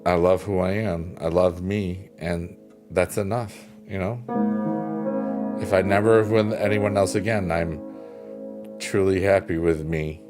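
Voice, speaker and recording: A man live-streaming, chatting casually and reading viewer comments, soft-spoken and reflective, pausing with fillers. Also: low-pitched, fairly even intonation. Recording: piano music playing behind the voice.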